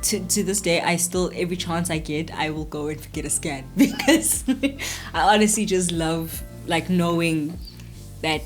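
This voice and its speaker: Young woman, vlogger, casual chat, animated storytelling, acted-out quotes, slightly low voice, faint music. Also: normal speed. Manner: animated storytelling, many fillers, acts out quotes. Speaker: vlogger, expectant mother.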